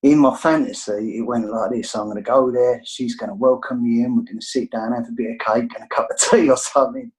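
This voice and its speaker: A man's voice: medium pitch, fairly even intonation, brisk, hardly any pauses, darkish tone, low-quality recording. A man with an English accent sharing his recovery story on a video call, reflective and rambling, often ending his thoughts with a questioning "right?". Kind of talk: candid personal share on a video call.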